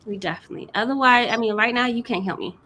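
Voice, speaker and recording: A woman from Texas in casual chat, lively and emphatic, often agreeing. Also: on the high side, fast, slight background noise, low-quality recording.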